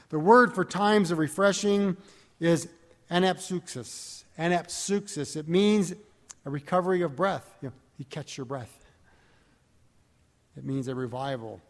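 A man giving a sermon, reading scripture aloud with rising emphasis and correcting himself as he goes. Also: mid-range voice. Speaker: pastor. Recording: reverberant hall.

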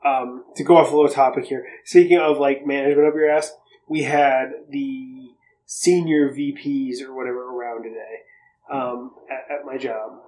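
A man's voice: mid-range voice, fairly even intonation, normal speed, dark tone, low-quality recording. A man co-hosting a podcast, telling stories in casual chat with a joking, sarcastic edge and frequent swearing. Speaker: podcast co-host.

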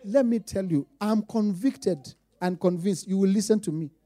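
A Kenyan man preaching a sermon as pastor, emphatic, repeating lines and swinging between quiet asides and loud declarations. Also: sits high, normal speed.

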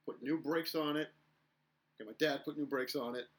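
A man's voice: a little high, fairly even intonation, moderate pace, rough recording. A young man from Minnesota, co-hosting a podcast and trading crude, joking banter. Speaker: podcast co-host. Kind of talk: casual chat.

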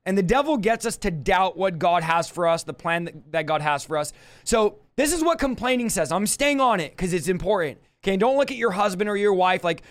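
High-voiced man preaching fiery on a livestream. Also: animated, normal speed. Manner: fiery, emphatic, speaks straight to the viewer. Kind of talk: livestream Bible teaching.

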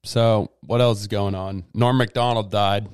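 A man's voice: lowish voice, fairly even intonation, a little slow, a little mellow, clean tone, no echo, studio quality. A man co-hosting a podcast in loose, rambling casual chat, full of fillers. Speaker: podcast co-host.

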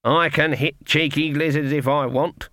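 A man's voice: a little high, steady tone, unhurried, no room sound, studio quality. A man reading an audiobook voices a stern, proud older witch who speaks sharply and commandingly. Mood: indignant. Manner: sharp, commanding, erupts into indignant shouting. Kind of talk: audiobook character voice.

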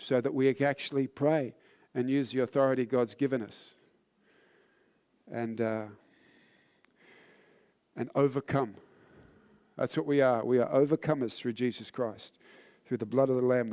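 A tired man preaching a sermon, telling a personal story with rising fervor and then turning low and solemn. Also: warm tone. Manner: earnest, builds in intensity then drops low and solemn.

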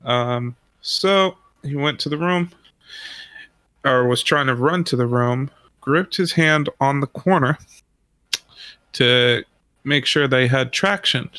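A man's voice: medium pitch, slow, pauses often, sharp tone, clear, resonant tone, no echo. A man telling a long story in a casual, rambling way, swearing often and laughing as he goes. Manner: rambling, profane, laughs through his story.

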